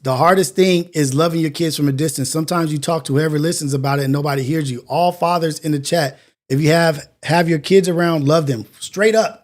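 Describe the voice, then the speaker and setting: High-pitched dude hosting a morning show, earnest and preachy, keeps repeating himself. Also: male voice, fairly quick. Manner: earnest, preachy, repetitive phrasing. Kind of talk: motivational monologue.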